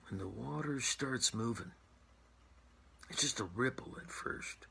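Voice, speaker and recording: A man telling a tall tale in a halting, suspenseful way, dropping to a hush at tense moments. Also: mid-range voice, vocal fry, slightly rough. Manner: halting, restarts, drops to whispers for suspense. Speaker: storyteller.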